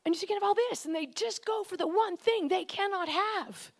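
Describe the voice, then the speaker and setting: A woman preaching a conversational, animated sermon, often shifting into quoted voices. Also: very high voice, moderate pace.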